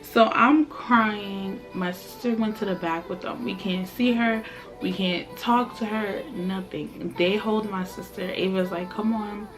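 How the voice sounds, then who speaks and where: A young woman, a vlogger telling a storytime tale with animated delivery and acted-out quotes. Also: medium pitch, unhurried, over music. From Brooklyn, New York. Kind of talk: storytime chat.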